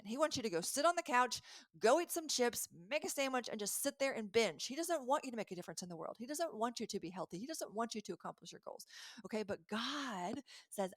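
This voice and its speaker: Woman life coach talking straight to you, earnest and animated, keeps correcting herself, dry close sound. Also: on the high side, quick pace, no echo. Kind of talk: motivational faith-based coaching talk.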